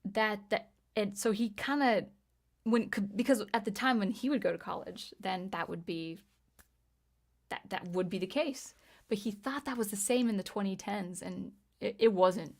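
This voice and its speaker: A woman in her thirties chatting casually on a livestream as she reads viewer comments, talking in a halting way with frequent restarts. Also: medium pitch. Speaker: livestream host, music teacher and composer.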